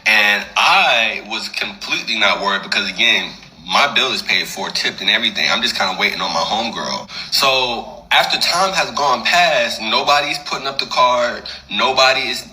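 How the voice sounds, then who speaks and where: A man tells a personal story in a loose, animated, conversational way. His voice is very bright and forward. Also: on the low side, normal speed, few pauses, poor audio. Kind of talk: casual storytelling.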